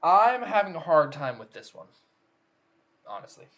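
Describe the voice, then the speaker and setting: A man's voice: a little high, very animated, normal speed, a bit bright, muffled recording. A man hosting his channel, judging contest photos in a casual chat and thinking aloud with hesitant restarts.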